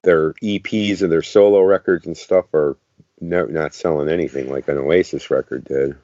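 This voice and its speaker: A man's voice: a bass voice, steady tone, moderate pace, dark tone, dry recording, dull audio. A man co-hosting a podcast in casual chat, laid-back with blunt remarks. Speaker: podcast co-host.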